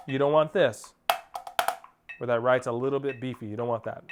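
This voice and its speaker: A man's voice: mid-range voice, fairly quick, pauses often, music in the background. A man teaching a percussion lesson, counting off and singing rhythms aloud as he coaches. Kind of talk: instructional drum lesson. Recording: spoken over loud percussion playing.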